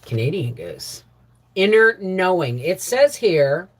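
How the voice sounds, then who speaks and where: A middle-aged woman hosting a casual homestead livestream, greeting viewers by name and chatting warmly. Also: on the low side, expressive, a little slow. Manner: chatty, warm greetings to viewers, laughs often. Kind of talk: casual live chat reading viewer comments.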